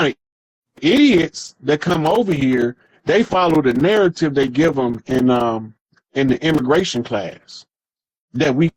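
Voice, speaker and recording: A man's voice: a little high, no room sound, low-quality recording. A man speaking as an interview guest in a loose, emphatic storytelling style, swearing freely and acting out the voices of people he quotes. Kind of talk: casual storytelling monologue.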